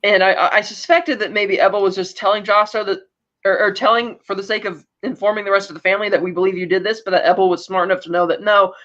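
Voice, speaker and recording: A woman's voice: mid-range voice, fast. Woman recapping in a dull lo-fi call. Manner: animated retelling that acts out quoted lines, with laughs. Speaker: podcast co-host. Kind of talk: casual recap chat. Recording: dull lo-fi sound.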